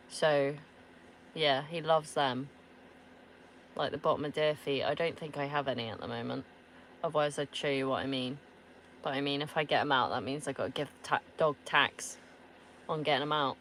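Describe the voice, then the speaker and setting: A woman's voice: sits low, fairly even intonation, moderate pace, pauses often, a bit bright. A woman chatting casually to her viewers in a camper van. She laughs often and swears offhandedly. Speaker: van-life vlogger. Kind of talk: casual chat answering viewers.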